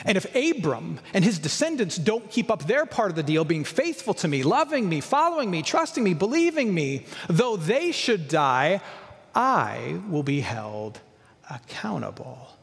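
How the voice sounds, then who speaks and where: A man's voice: high voice, sing-song, unhurried, gravelly, big-room sound. A male pastor preaching a sermon, emphatic, with repeated lists and rhetorical questions.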